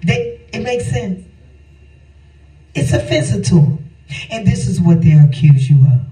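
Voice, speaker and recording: Man preaching, call-and-response sermon, high voice, echoey room, a bit off-mic. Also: animated, moderate pace, dark tone, distant mic. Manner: call-and-response preaching, repeats phrases for emphasis.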